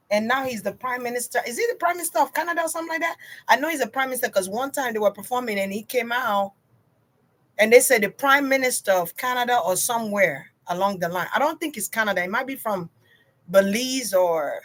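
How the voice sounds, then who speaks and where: A woman's voice: on the high side, fairly bright tone. A woman chatting casually to her viewers on a livestream tarot reading, slangy and direct.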